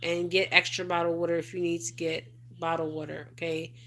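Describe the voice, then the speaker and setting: A woman's voice: lowish voice, flat delivery, brisk, a bit bright. A middle-aged woman hosting a casual livestream, reading viewer comments and rambling with lots of "okay?" and "you guys". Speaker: spiritual advisor livestream host.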